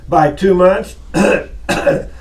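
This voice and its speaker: A man teaches a college class in a loose, chatty way. His voice sits a bit high, and it sounds slightly distant from the mic. He keeps breaking into small acted voices to make his points. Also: very slow. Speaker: college lecturer. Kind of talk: classroom lecture.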